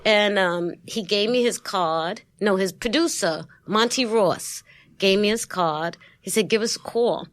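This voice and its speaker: A woman with a Brooklyn New York accent, a guest in a studio interview, telling stories in a lively way and acting out the voices of the people she quotes. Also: medium pitch, measured pace, dry recording. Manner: lively storyteller who acts out quoted voices and laughs often. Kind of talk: casual interview storytelling.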